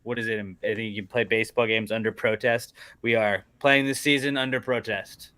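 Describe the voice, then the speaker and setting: A man co-hosts a casual sports podcast in a bright, forward voice. He rants indignantly about refereeing calls and slips in deadpan jokes. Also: fairly low pitch, fairly quick, no echo. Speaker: podcast co-host.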